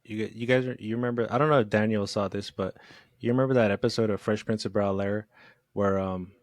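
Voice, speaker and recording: A man's voice: on the low side, steady tone, fairly quick, no room sound. A man co-hosting a podcast with his brothers, speaking earnestly and emphatically and swearing casually. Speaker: podcast co-host. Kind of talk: casual heartfelt conversation.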